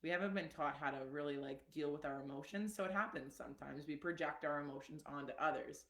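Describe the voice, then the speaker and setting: A woman's voice: low voice, fast. Chatty woman coach, echoey room. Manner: chatty and animated, with many fillers and asides. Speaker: wellness coach hosting a live stream. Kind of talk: casual live-stream teaching.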